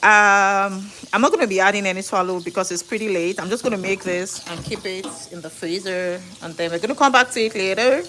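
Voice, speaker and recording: A woman's voice: medium pitch, brisk, hardly any pauses, sharp tone, a little hiss or hum. Chatty middle-aged woman cooking. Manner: chatty, thinks aloud, self-correcting. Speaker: home cook and live streamer. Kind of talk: casual live cooking chat. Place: home kitchen.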